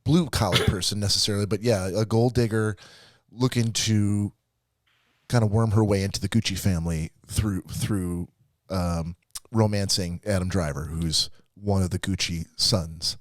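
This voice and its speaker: Low-voiced ranting podcast man, dry sound. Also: fairly even intonation, moderate pace, dry recording. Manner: ranting, profane, laughing storyteller. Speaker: podcast co-host. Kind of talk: casual chat.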